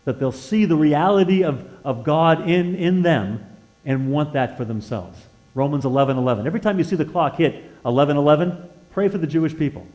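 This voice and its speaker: A man preaching a sermon as a guest speaker in a church. He tells stories, swings between loud emphasis and hushed, earnest tones, and often repeats words and restarts phrases. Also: fairly high pitch, a little fast, highs cut off. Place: church sanctuary.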